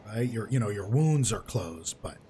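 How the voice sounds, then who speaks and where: A man's voice: lowish voice, animated, normal speed, warm tone, a little hiss or hum. A man working as game master, narrating a tabletop game in a loose, rambling way with many restarts. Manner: rambling, lots of fillers and restarts.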